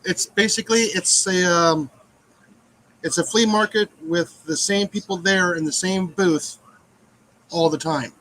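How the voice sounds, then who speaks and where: A man with a slightly raised pitch chimes in with short, casual remarks. A faint hiss and ambience run behind him. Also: a little slow, a bit bright, rough recording. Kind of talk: casual live-stream chat.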